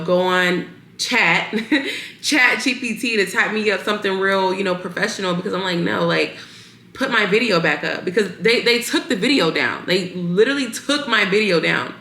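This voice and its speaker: Slow-talking young woman in a roomy echo. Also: on the low side, sharp tone, a little hiss or hum. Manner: exasperated, ranting to viewers. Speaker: vlogger. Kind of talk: casual chat to camera. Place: bedroom.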